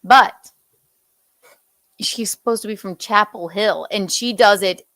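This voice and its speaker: A woman from the American South takes her time through celebrity gossip, drawling out her words at an unhurried pace. Her manner is loose and chatty, and she laughs often. The sound is close and dry, with no room ring. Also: mid-range voice, fairly bright tone, dry recording. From Southern United States. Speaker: podcast host. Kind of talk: casual pop-culture chat.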